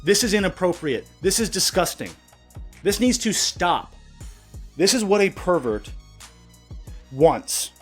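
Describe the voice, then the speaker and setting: A man's voice: high-pitched, very animated, a little slow, long pauses, husky, faint music behind. A man hosting his channel, ranting in indignant outrage, swearing often and stumbling over repeated words. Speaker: channel host. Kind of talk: angry commentary rant.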